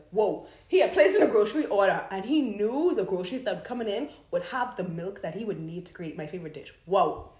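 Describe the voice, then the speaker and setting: A young woman telling a story in a casual devotional talk, animated and laughing as she goes. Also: mid-range voice, echoey room. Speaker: Christian vlogger.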